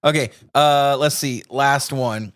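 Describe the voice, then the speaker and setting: A man co-hosting a podcast in casual chat, loud and laughing often. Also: medium pitch, steady tone, slow pace, clean tone, dry recording. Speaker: podcast co-host.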